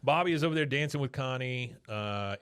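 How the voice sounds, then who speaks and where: A man's voice: medium pitch, expressive, a little fast, fairly bright tone, clear, resonant tone. A man in his thirties co-hosting a podcast, casually recapping an episode scene by scene and acting out the characters' lines. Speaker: podcast co-host.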